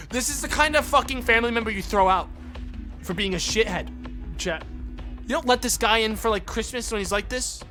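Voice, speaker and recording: Man, game streamer, casual profane commentary, high voice, faint music behind. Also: brisk, pushed and bright. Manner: profane, ranting, reads narration aloud. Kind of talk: casual let's play commentary.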